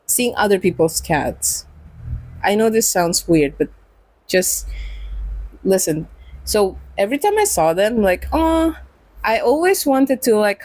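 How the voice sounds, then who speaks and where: A woman's voice: medium pitch, darkish tone, no echo, rough recording. A woman streamer chatting casually while gaming, rambling and giggling often. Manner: giggly and rambling, with frequent laughs and restarts. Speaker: game streamer.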